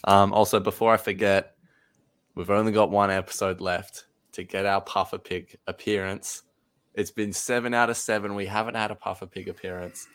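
A man's voice: on the low side, steady tone, moderate pace, fairly bright tone, clear, resonant tone. A man co-hosting a podcast in casual chat, rambling and laughing easily. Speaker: podcast co-host.

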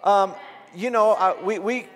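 Animated high-voiced male preacher. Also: a little slow. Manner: animated storytelling, acts out laughter and voices. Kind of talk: conversational sermon teaching. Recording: long hall reverb.

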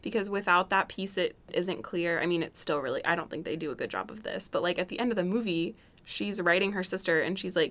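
A woman's voice: on the low side, a little fast, few pauses, a bit bright. A young woman co-hosting a podcast, talkative and opinionated, cracking jokes with lots of fillers. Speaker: podcast co-host. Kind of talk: casual chat.

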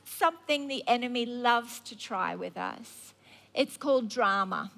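A woman's voice: a little high, unhurried, gravelly, a bit bright. A woman preacher telling a Bible story in a sermon, conversational and wry.

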